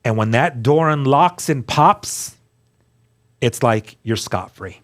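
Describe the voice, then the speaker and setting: A man's voice: mid-range voice, slow. Man telling an earnest testimony. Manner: earnest, animated storytelling with quoted dialogue. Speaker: guest. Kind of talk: storytelling testimony.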